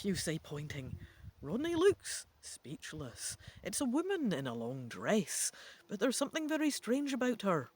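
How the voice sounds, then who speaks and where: A man reading an adventure gamebook aloud, stopping to muse out loud over each choice. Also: high-pitched, wildly swooping pitch, moderate pace. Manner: musing, thinking out loud. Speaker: gamebook reader.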